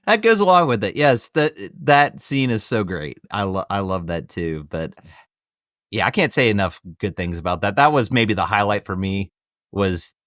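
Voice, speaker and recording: A man's voice: on the low side, lively intonation, normal speed, fairly bright tone, dry recording, clean studio sound. A man hosting a casual podcast discussion, rambling a bit and repeating himself as he passes questions to his guests. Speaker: podcast host. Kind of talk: casual chat.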